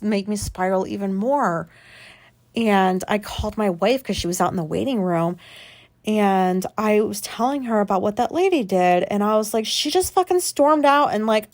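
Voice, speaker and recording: Grown woman vlogging, rambly and sweary, lots of likes and ums, mid pitch. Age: adult. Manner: rambling, swears freely, many filler words. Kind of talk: casual personal storytelling.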